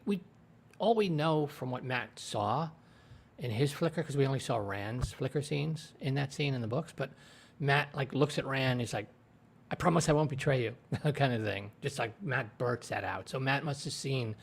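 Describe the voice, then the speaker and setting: A man's voice: mid-range voice, a little slow, gravelly, breathy edge. A man giving a casual spoken review of a TV episode, retelling scenes in a rambling way with lots of fillers, into his own desk microphone. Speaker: TV show reviewer.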